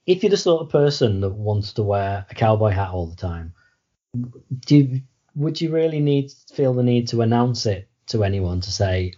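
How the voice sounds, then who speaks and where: A man's voice: on the low side, big pitch swings, moderate pace, mellow, dull audio. A man in casual chat, asking a dry, wry question.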